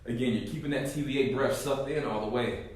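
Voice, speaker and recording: A male fitness coach demonstrating core exercises, talking listeners through each move and often checking with a quick "right?". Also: mid-range voice. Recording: very echoey room, mic far off.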